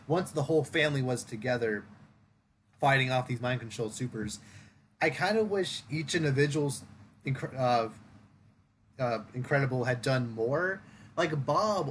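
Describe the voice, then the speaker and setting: A podcast host, a man with a voice in the middle of the usual range, reviews a movie in casual conversation. He builds his points slowly, pausing with "um" and "like". Faint noise sits under his voice. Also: medium pitch, fairly bright tone. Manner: thoughtful, explains at length with fillers.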